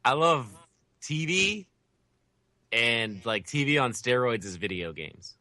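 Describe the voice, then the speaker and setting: A man's voice: mid-range voice, lively intonation, takes it slowly, pushed and bright, dry recording. A man co-hosting a gaming podcast, talking in a loose, joking way. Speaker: podcast co-host. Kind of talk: casual gaming chat.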